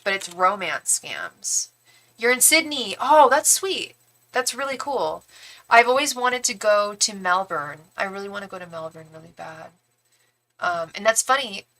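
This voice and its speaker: A woman's voice: medium pitch, sharp tone, rough recording. A young woman reading tarot cards on a live stream, chatting and gushing casually to her viewers. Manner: chatty and gushing, lots of "like" and "girl". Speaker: tarot reader and psychic.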